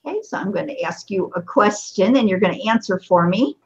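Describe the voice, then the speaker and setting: A woman leads a beginner Arabic lesson with patience, praising her students and saying each phrase again slowly so they can follow. Her voice sits at an ordinary middle pitch. The recording is muffled and lacks crispness. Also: lively intonation. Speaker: Arabic teacher. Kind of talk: teaching a beginner language lesson.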